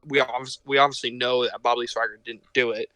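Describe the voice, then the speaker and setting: A man's voice: mid-range voice, fairly even intonation, fast talker, pushed and bright, no room sound. A young man co-hosting a podcast, rambling casually and restarting his sentences. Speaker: podcast co-host. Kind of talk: casual chat.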